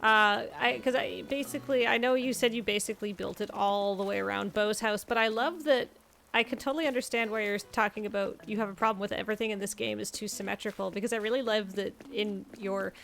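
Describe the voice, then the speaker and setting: A woman's voice: mid-range voice, fairly even intonation, fast, creaky, fairly bright tone. A woman hosting a stream, chatting casually and enthusiastically, often gasping in delight. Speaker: stream host. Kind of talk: casual chat.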